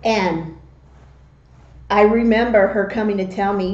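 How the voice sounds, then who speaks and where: A middle-aged woman vlogger telling casual, animated stories about family memories. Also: medium pitch, reverberant, highs cut off. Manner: animated, slow and drawn-out when telling stories. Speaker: mukbang vlogger. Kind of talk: casual storytelling.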